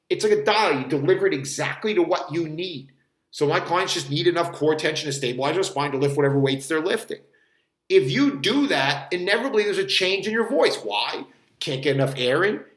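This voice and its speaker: Casting note: high-voiced male fitness coach, rambling, swears offhand, recorded in an echoey room. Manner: rambling, swears casually, demonstrates strained voice while bracing. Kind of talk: casual rambling explainer.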